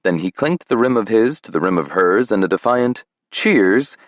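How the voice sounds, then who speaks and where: Low-voiced male audiobook narrator. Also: dry recording, highs cut off. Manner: measured and tender. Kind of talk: scripted narration.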